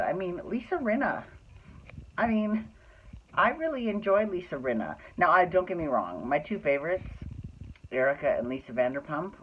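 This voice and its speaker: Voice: medium pitch, slight background noise. A podcast host in casual, gossipy recap chat, rambling with restarts and campy slang. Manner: chatty, rambling, with frequent restarts and laughs. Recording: tinny phone-like sound.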